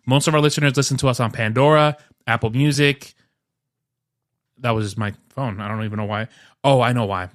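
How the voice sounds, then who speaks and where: A man in his thirties, joking and animated as he co-hosts a casual podcast with his wife. His voice sits at an everyday middle pitch. The sound is dry and close to the mic, with no room echo. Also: fairly quick. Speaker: podcast co-host. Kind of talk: casual chat.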